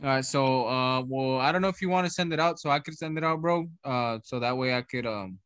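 An easygoing, slangy man chatting as a podcast guest, with a middle-pitched voice. He speaks into a close, dry mic with no room echo. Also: a little fast, fairly bright tone, smooth. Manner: easygoing, slangy, says bro a lot. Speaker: trading teacher. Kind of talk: casual chat.

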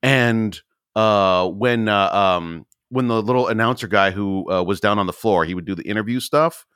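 A man in casual podcast chat, telling stories with animated asides and quoted reactions. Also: normal speed, clean tone, no room sound, clean studio sound. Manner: animated storyteller, jumps high when quoting himself. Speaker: podcast co-host.

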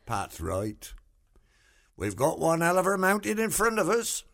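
An actor playing a gruff, bluff man in a radio sitcom. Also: fairly high pitch, huge pitch swings, a little slow, a bit bright, exaggerated voice.

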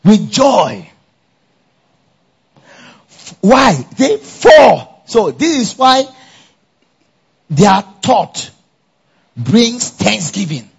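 A male pastor preaching a lively sermon at a church conference, calling out to the congregation for answers. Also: high-pitched, drawn-out words, gravelly, long pauses, slightly rough. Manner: animated, call-and-response with congregation.

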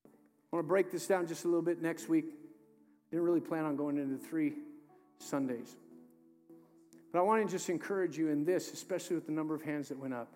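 A man preaching with a high-pitched voice, switching between loud urging and hushed, slowed-down lines. His voice rings through a church hall with long reverb. Faint music plays underneath. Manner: emphatic, swings from loud urging to hushed slow delivery. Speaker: pastor. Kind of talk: sermon. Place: church sanctuary.

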